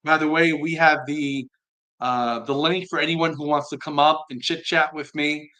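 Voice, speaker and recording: A man hosting a live stream, reading viewer comments aloud and answering them in an earnest, unhurried way. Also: fairly high pitch, fairly even intonation. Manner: earnest, soft-spoken, admits being slow tonight.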